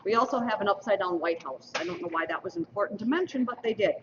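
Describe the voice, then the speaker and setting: A woman with a medium-pitched, fairly bright voice and lively intonation talks fast as she emcees a school mock election, reading results and dropping playful trivia asides for the audience. It's a dull lo-fi stream from a distant mic in a roomy school hall, with slight background noise.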